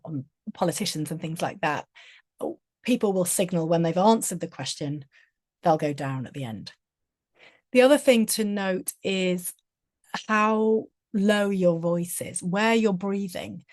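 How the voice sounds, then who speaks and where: Woman presenter, low-ish voice, expressive and restarting, dry close recording. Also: no room sound. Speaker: speaker giving a talk on communication. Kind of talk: presentation talk.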